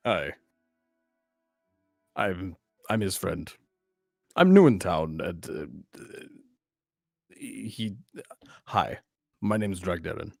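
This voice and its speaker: Man doing an awkward, gravelly-voiced young adventurer, slow and stumbling, lively pitch. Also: no room sound, studio quality, soft background music, full character voice. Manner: hesitant, stumbling.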